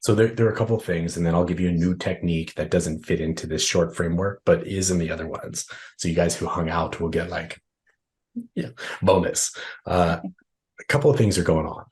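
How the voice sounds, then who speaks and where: A man's voice: low voice, steady tone, fairly quick, darkish tone. A man trainer answering questions in a live online workshop, explaining conversationally and often checking in with "right?" over a video call.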